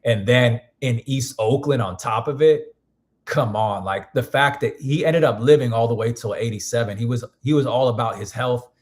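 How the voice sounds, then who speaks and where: Man, hoarse, casual stream talk, rambling, restarts a lot. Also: mid-range voice, normal speed. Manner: rambling, frequent restarts and fillers. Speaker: music producer streaming. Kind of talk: casual live-stream chat.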